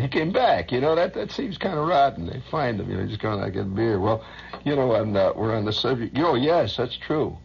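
A man with a deep, very husky and raspy voice wanders through a loose radio monologue, chuckling and humming sing-song nonsense between thoughts. It sounds like a dull, lo-fi old radio recording. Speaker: radio host. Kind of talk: rambling on-air monologue.

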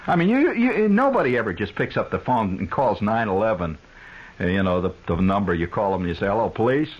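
Man, radio talk host, husky, low, lively pitch, wry, rambling with fillers. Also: a little fast, rough recording. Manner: wry and sardonic, full of "uh" fillers and restarts. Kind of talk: rambling comic monologue.

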